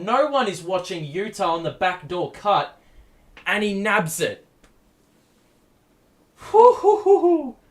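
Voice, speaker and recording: A young Australian man giving excitable, foul-mouthed fan play-by-play on a live stream, yelling at big plays. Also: high voice. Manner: excitable, swears casually, yells at big plays. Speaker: streamer hosting a game watchalong. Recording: echoey room.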